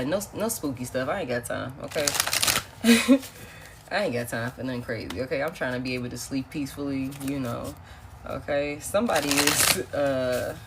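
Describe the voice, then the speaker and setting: A woman's voice: extremely low pitch, very noisy. A woman doing a casual live-stream tarot reading, chatty and repetitive, often calling her viewers y'all. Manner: casual, chatty, repeats herself, says y'all, laughs often. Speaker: tarot reader.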